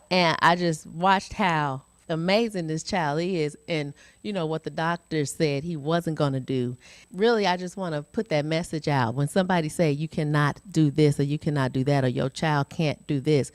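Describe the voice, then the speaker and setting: A woman telling stand-up stories in an animated way, with churchy phrases. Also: deep voice. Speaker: stand-up comedian. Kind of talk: stand-up routine. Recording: loud crowd and noise, live stage. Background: laughing audience.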